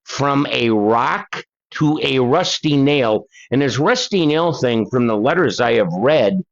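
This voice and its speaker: Older male host, slow and chatty, reads viewer letters. Dull lo-fi sound. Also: medium pitch, expressive. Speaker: paranormal channel host. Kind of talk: casual reading of letters and articles.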